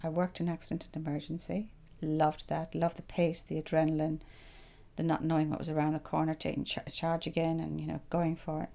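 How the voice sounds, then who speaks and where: An Irish woman in her sixties tells an interviewer about her past, her low voice warm and mellow with a gravelly edge. She speaks fairly quickly and with lively animation, acting out the thoughts she had back then as she reflects on her life.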